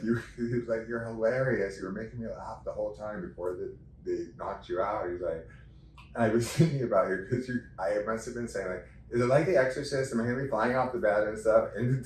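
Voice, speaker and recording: A man as an interview guest, talking in an animated, chatty way and laughing as he tells stories. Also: on the low side, a little fast, slight background noise. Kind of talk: casual interview chat. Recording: echoey room, mic at a distance.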